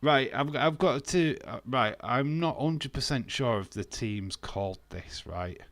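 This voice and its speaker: Man, mid-pitch, self-mocking live-stream host, dry close mic. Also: expressive, a little slow, fairly bright tone, dry recording. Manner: chatty and self-mocking, laughs often. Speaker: streamer hosting a wrestling watch-along. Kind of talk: casual live-stream chat with viewers.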